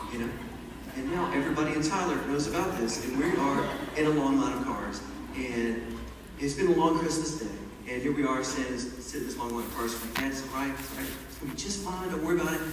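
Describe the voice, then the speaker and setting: A man telling a lively personal story to an audience in an echoey hall, recorded from far off with loud ambient noise behind. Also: mid-range voice. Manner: animated, chatty, laughing at his own story.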